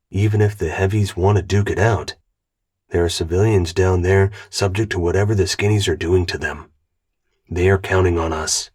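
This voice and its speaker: A man voicing a steady male squad commander who speaks bluntly and firmly. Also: low-pitched, slightly rough.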